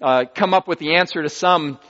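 A man preaching a sermon, teaching deliberately and reading scripture aloud with comments, recorded dull and lo-fi in a hall. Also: a little high, fairly bright tone.

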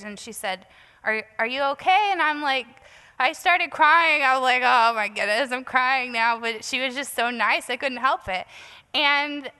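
A woman with a bright, slightly high voice tells a candid personal story as part of a sermon. She talks in a casual, self-deprecating way with plenty of "like" and "um", and her words echo with a long hall reverb. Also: clear, resonant tone.

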